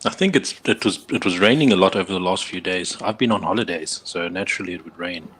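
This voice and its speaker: This is a man with a low voice, telling loose, rambling stories as he co-hosts a live stream. He is heard over a streaming video call. A faint hiss runs under his voice. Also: quick pace, a bit bright. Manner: easygoing, rambling storytelling. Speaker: livestream co-host. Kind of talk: casual chat.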